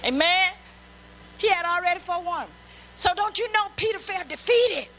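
A woman's voice: extremely high pitch, normal speed, sharp tone, a little hiss or hum, low-quality recording. A woman pastor delivering a sermon, emphatic and repetitive, breaking into calls of praise.

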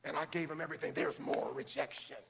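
A male pastor preaching to his congregation in a church. He talks conversationally, acts out quoted church members in quick asides, and builds to fervent shouting. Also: a little high, little pitch movement, gravelly, a little hiss or hum. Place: church sanctuary. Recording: long hall reverb, faint ambience.

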